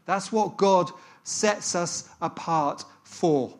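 A man's voice: high voice, very slow. A man preaching a sermon, telling a story in a reflective, earnest way.

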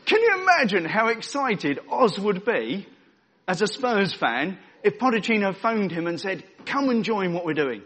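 A man's voice: high-pitched, fairly bright tone. A man preaching a sermon as a church pastor, earnest with dry self-deprecating humour and frequent stumbling repeats.

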